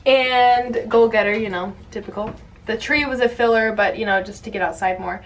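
A woman's voice: fairly high pitch, moderate pace, slight background noise. A young woman chatting casually to camera at home, rambling with lots of "like" fillers. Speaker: vlogger. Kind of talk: casual chat.

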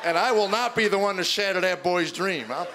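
A man's voice: sits high, animated, fairly quick, over a noisy crowd. A middle-aged man performing a stand-up comedy routine on stage before a live audience, telling stories and acting out other people's voices. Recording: noisy live recording with audience laughter.

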